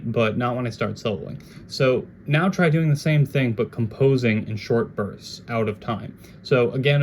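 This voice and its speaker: A man giving a casual jazz guitar lesson, talking in a relaxed, conversational way and now and then scatting melodies. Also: mid-range voice, slight background noise.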